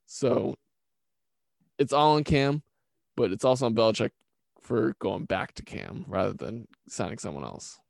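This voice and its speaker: A man chats casually about his team, blunt and opinionated. His voice has a gravelly edge to it. The sound is dry and close, with no room echo. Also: medium pitch, measured pace, long pauses. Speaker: podcast co-host. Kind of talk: casual sports chat.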